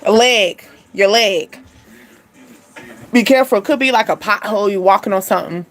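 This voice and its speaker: A young adult woman hosting a casual spiritual card reading, chatty and animated, laughing often and using slang. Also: medium pitch, moderate pace, soft background music. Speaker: spiritual reading channel host.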